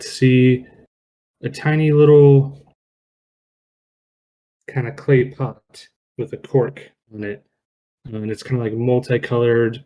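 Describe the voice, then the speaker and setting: A man narrating as dungeon master in an online tabletop game, relaxed and full of fillers. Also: mid-range voice, rough recording.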